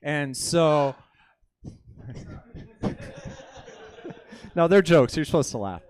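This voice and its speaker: A man's voice: a little high, animated, drawn-out words, darkish tone. A man in his late thirties from Indiana telling a rambling, self-deprecating stand-up story on a comedy club stage. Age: 30s.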